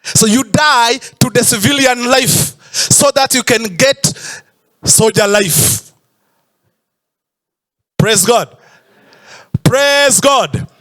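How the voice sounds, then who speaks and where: A man's voice: very high voice, slow pace, long pauses, a bit bright. A man preaching a sermon in church, stretching out emphatic phrases and sometimes breaking into a sung tone. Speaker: pastor.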